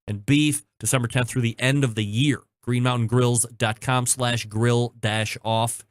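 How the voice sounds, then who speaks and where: Regular-pitched dude rambling on his podcast, cracking jokes, dry close mic. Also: fairly even intonation, dry recording. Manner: chatty, jokey storytelling with quick asides. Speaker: podcast host. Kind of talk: casual chat and sponsor read.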